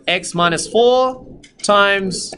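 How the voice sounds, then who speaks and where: A high-voiced male maths teacher, explaining calculator steps to a classroom. He talks plainly and sometimes turns stern, scolding the students at length. Faint classroom noise hangs behind him. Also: extremely slow, bright, forceful tone, rough recording. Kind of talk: classroom lesson with calculator demo.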